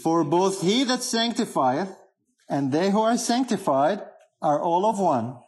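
Man, preacher, sermon, emphatic, asks questions, slightly high voice. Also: expressive, unhurried, darkish tone.

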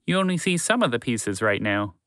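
A man voicing a gentle, absent-minded male horse who rambles as he talks. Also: mid-range voice, big pitch swings, brisk, smooth, dry recording, studio quality. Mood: musing.

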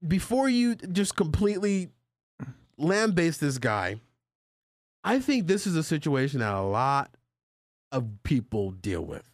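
A male podcast host in casual chat, animated and joking with his co-hosts as he reads out a listener letter. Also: fairly high pitch, measured pace, long pauses, no echo, studio quality. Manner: animated, jokey banter with co-hosts.

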